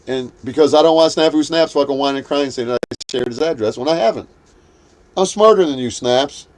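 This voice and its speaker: A man's voice: mid-range voice, darkish tone. Profane man ranting on a livestream. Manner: heated, profane, combative. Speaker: livestream host. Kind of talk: livestream rant.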